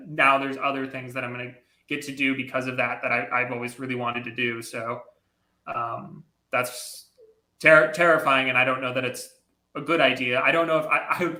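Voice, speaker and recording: A young adult man speaks candidly as an interview guest, halting often with ums. His tone is bright and even, with little rise and fall. The sound is roomy and echoey. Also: mid-range voice. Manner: earnest, hesitant, many ums. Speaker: comic artist guest.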